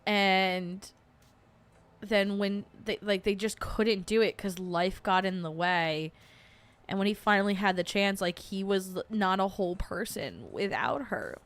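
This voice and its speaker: A woman's voice: mid-range voice, unhurried, smooth. A woman hosting a casual livestream chat, rambling with lots of fillers and laughing often as she gets emotional. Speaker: podcast host.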